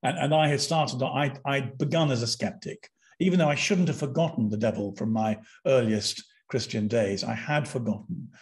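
An older man from Britain, a podcast guest, telling a personal story with animated intensity and frequent restarts. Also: medium pitch, moderate pace.

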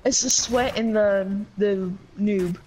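A woman's voice: medium pitch, slow pace, darkish tone, a little hiss or hum. A woman chatting casually while playing a video game, rambling about matches and other players. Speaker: gamer. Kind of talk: casual chat while gaming. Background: game music.

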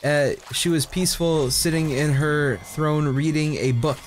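A man's voice: on the high side, fairly even intonation, a little slow, soft background music. A man in his twenties reading a fanfic aloud while playing a game, casual and stumbling, swearing at his own slips. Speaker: YouTuber.

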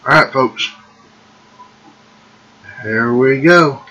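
A man giving folksy, excitable gameplay commentary and calling the viewers folks. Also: mid-range voice, unhurried, pauses often, highs cut off. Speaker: gaming video host. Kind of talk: casual let's-play commentary.

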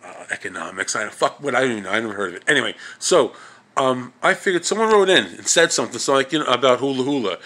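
A man's voice: mid-range voice, animated, fast, sharp tone. A man ranting casually and comically on his vlog, rambling and swearing with lots of restarts and filler words. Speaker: vlog host. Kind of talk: comedic rant.

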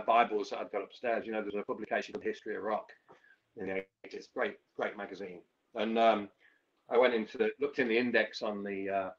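A man's voice: fairly low pitch, highs cut off. A man, a musician guest, telling a long story casually with many restarts and fillers.

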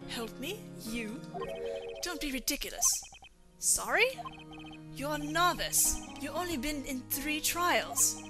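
A woman's voice: sits high, lively intonation, takes it slowly. A woman voicing a proud, bitter young male prosecutor who speaks coldly and scornfully, reading game dialogue. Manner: cold and scornful. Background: game music.

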